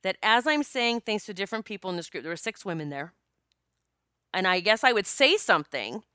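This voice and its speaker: A woman speaking as a psychic medium, telling a personal story in an emotional, animated way with many fillers and some swearing. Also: medium pitch, a little fast, clean tone, no echo, studio quality. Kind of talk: casual storytelling monologue.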